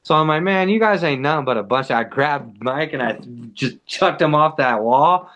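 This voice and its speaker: A man's voice: a little high, moderate pace. A man telling a wild story as a podcast guest, casual and profane, with "like" in almost every line. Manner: animated, profane, heavy use of "like".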